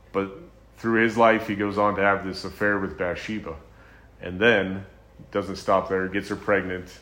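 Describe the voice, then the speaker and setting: Low-voiced man preaching a sermon. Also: a bit bright. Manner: conversational, with frequent ums and restarts; retells scripture stories in a low, earnest voice.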